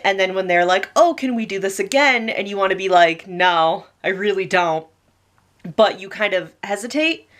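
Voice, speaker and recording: A young woman giving casual advice in a vlog, talking fast and emphatically with lots of fillers. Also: medium pitch, fairly bright tone. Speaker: video creator.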